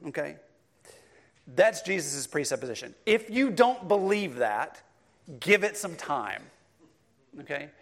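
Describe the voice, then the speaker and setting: Middle-aged male pastor, conversational sermon delivery, addresses the congregation. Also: medium pitch.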